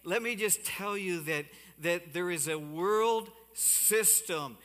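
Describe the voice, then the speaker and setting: A man preaching a sermon as pastor on a body mic, animated and given to asides to the congregation. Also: high-pitched, slow pace, big-room sound. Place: church sanctuary. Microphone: body-worn mic.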